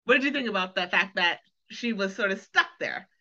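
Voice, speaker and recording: Bright-voiced woman chatting on a lo-fi podcast. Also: medium pitch, a little fast. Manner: animated, acts out characters' lines, laughs often. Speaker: podcast co-host. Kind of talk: casual chat reviewing a TV episode. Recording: dull lo-fi sound.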